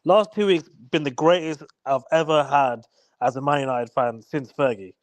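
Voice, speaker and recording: A man's voice: mid-range voice, moderate pace, no room sound. A young man bantering as a guest on a fan livestream, teasing and stumbling over repeated words.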